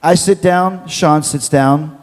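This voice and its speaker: Animated male storyteller with hall reverb. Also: on the high side, takes it slowly. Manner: lively, acts out quotes, swears. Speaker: interview guest, former wrestler.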